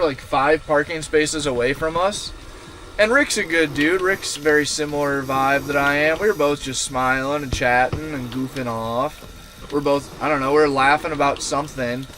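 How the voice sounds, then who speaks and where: A man tells a rambling, profane story to his stream chat from inside his camper van. His voice sits a little high for a man. A faint hiss of noise runs under it. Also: a little slow. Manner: profane, animated, rambling with many fillers. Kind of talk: casual storytelling to a live chat.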